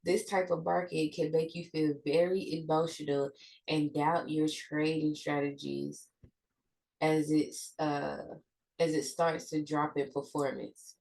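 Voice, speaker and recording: Trading teacher, a woman with a cold-stuffed nose; low and gravelly, reads from notes with restarts. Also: little pitch movement, unhurried, darkish tone, low-quality recording. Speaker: trading educator. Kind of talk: reading a trading lesson aloud.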